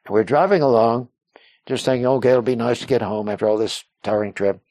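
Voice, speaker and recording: A man's voice: medium pitch, a little fast, warm tone, dry recording. A man recounting a personal story in an interview, rambling with many restarts and fillers and acting out what others said. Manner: acts out other people's words in quotes. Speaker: interview guest.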